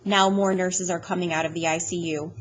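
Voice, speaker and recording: A woman reading a first-person audiobook chapter aloud in a plain, steady storytelling manner. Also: fairly low pitch, brisk, a little hiss or hum, low-quality recording. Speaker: audiobook reader.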